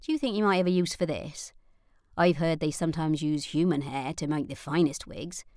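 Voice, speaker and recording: A woman's voice: deep voice, moderate pace, a little mellow, no room sound, studio quality, close to an everyday voice. A woman voicing a deferential young maid in an audiobook, speaking politely and a little hesitantly. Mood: helpful.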